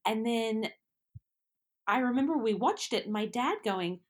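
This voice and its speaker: A woman's voice: fairly high pitch, lively intonation, a little slow. A young adult woman with an Australian accent, co-hosting a podcast in casual chat, self-deprecating and giggly, tripping over words. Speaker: podcast co-host.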